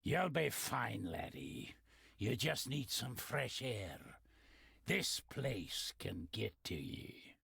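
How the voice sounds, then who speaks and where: A gruff old Scottish man in a video game, his voice gravelly and husky. He speaks slowly with wildly swooping pitch, dropping cryptic, ominous hints in a close, dry sound. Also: sing-song, a bit bright, no echo, full character voice. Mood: knowing. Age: older. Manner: folksy dialect, ominous hints.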